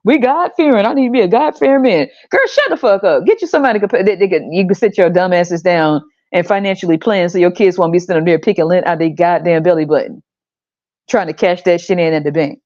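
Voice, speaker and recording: A woman's voice: fairly low pitch, quick pace, a little mellow, no room sound, lo-fi sound. A woman hosting a podcast, ranting bluntly and profanely, exasperated and often laughing. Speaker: podcast host.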